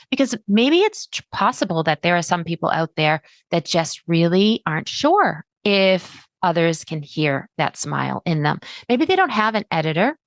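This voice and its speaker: A middle-aged woman hosting a solo podcast, chatty and animated, acting out her listeners' words. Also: fairly low pitch, normal speed, few pauses, no echo. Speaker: podcast host.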